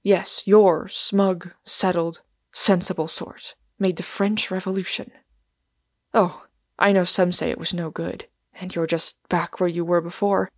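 A woman reading as a giant, excitable wandering man. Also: fairly low pitch, unhurried, dry recording, clean studio sound. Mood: excited.

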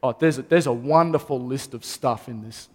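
A man's voice: medium pitch, normal speed, darkish tone. Pastor guy preaching, earnest, says things twice, big hall echo around him. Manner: earnest, repeats phrases for emphasis. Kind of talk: sermon. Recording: long reverb of a hall.

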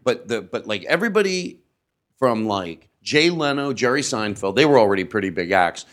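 A man's voice: fairly low pitch, expressive, moderate pace, a bit bright. Rambling hesitant male comedy host. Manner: rambling, hesitant, many fillers. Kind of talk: casual chat.

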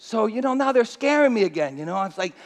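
A pastor preaching through a personal story, his high, gravelly man's voice carrying a long echo around the hall. He talks in an animated way, tripping into restarts and scattering "you know" through his sentences. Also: fast talker. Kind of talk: storytelling sermon.

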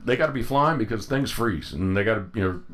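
A man's voice: lowish voice, animated, quick pace, fairly bright tone. A man co-hosting a casual podcast chat from outdoors by a pond, talking hesitantly and often restarting his sentences. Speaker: podcast co-host.

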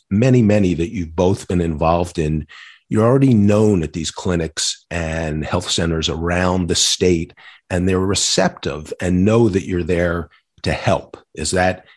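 A man with a deep, husky voice hosts a podcast interview. He is measured and careful, spelling out details clearly. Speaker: podcast host.

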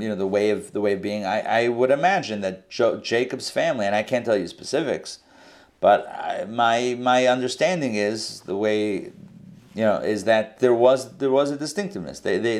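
Man teaching a casual Torah class. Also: on the low side. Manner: conversational, thinking aloud. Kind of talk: informal Bible class.

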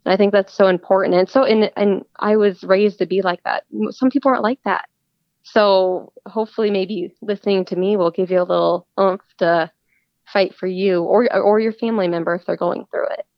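A woman's voice: mid-range voice, steady tone, a little fast, no echo. A woman speaking earnestly as a guest in a casual interview, often restarting her sentences. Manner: earnest, repeats words when starting sentences. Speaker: guest, cancer patient. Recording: dull lo-fi dry audio.

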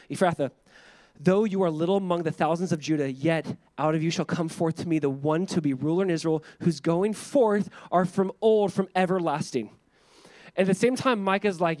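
A male pastor preaching a sermon to a congregation, lively and conversational, acting out quoted voices and dropping to quiet pleading. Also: fairly high pitch, no echo. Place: church sanctuary.

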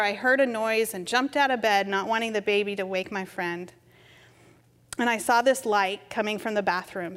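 A middle-aged woman preacher telling a story in a gentle, conversational sermon. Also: medium pitch. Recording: reverberant hall.

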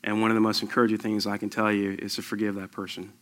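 A man's voice: lowish voice, completely flat delivery, quick pace, fairly bright tone. A man in his thirties giving an earnest sermon, telling a personal testimony with rising emphasis. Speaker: lay preacher sharing testimony.

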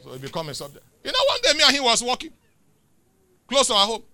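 A middle-aged Nigerian man preaching a sermon, swinging between loud declarations and quiet asides. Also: extremely high pitch, wildly swooping pitch, fast talker, dry recording.

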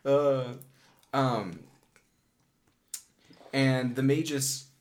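A man's voice: mid-range voice, extremely slow. Guy hosting a tabletop podcast, laid back, lots of ums, normal middle voice. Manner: relaxed, many ums and uhs. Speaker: podcast host and game master. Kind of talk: casual host talk and game narration.

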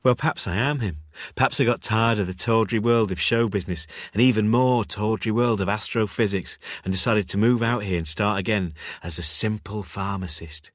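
An actor with a Manchester accent playing a young pharmacist who enthuses softly and wistfully about the stars. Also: male voice, fairly low pitch, normal speed, hardly any pauses, no room sound, studio quality, close to an everyday voice. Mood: dreamy. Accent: Mancunian. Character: dreamy stargazing young male pharmacist.

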